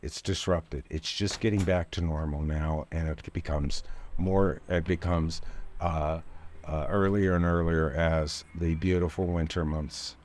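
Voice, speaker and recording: An older male barber with a low, deep voice tells opinionated, rambling stories in a casual interview. Steady background noise runs under his talk in the shop. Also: measured pace. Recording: noisy background.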